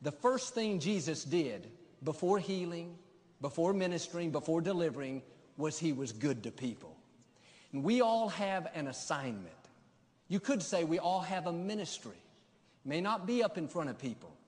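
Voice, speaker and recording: A man's voice: a little high, sing-song, moderate pace, darkish tone. Preaching man in a reverberant hall. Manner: emphatic preaching cadence. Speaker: pastor. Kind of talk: sermon.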